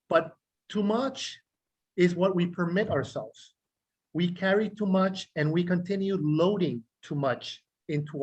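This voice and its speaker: A man, a clinical psychologist, explaining self-regulation to a group in a measured way, listing words slowly and asking questions. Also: high-pitched, a little mellow, muffled recording. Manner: measured, repeats key words in slow lists; speaks directly to listeners, asks rhetorical questions. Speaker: clinical psychologist teaching a meditation class.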